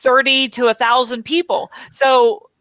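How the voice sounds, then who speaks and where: A woman's voice: high-pitched, little pitch movement, a little slow, a bit bright, dry recording, lo-fi sound. A woman speaker chatting as a guest in an interview, filling her talk with "you know". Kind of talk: conversational interview.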